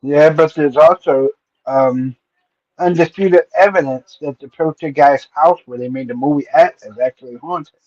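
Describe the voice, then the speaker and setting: A man in casual stream chat who talks haltingly and gropes for his words. His voice sits at a middling pitch. The recording is dull and lo-fi. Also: a little mellow, no room sound. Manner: hesitant, searches for words. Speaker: streamer co-host.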